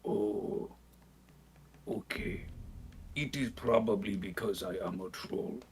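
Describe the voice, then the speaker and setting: A man at a tabletop game speaking in character as a troll, slow and literal-minded. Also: on the low side, a little hiss or hum. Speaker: player voicing a troll character. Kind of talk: tabletop role-play, in character.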